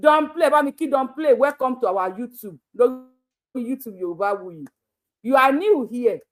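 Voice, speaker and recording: A woman's voice: sits high, lively intonation, normal speed. A Nigerian woman hosting her own channel, talking casually and laughing a lot, switching between Yoruba and pidgin English. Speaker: YouTube channel host. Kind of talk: casual live commentary.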